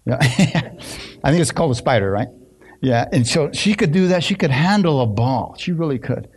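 Man preaching in a chatty, halting way. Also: a little high, expressive, darkish tone. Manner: conversational, asks the congregation questions, many restarts. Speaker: pastor. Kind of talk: sermon with personal stories.

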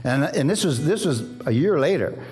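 Lively storytelling preacher man. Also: fairly high pitch, moderate pace, faint music behind. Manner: lively storytelling, acts out voices, asks "amen?". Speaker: pastor. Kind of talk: sermon.

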